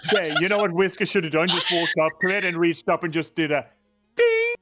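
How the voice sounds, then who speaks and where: A man's voice: a little high, steady tone, fast, pushed and bright, no echo, studio quality, faint music behind. A man playing in a tabletop game, joking and teasing the others in casual chat. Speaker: player.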